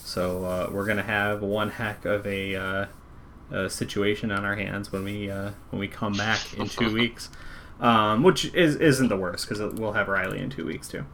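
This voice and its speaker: A man running a tabletop game as game master, narrating in a relaxed, rambling way. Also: fairly low pitch, normal speed, slight background noise. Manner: relaxed, rambling wrap-up with fillers.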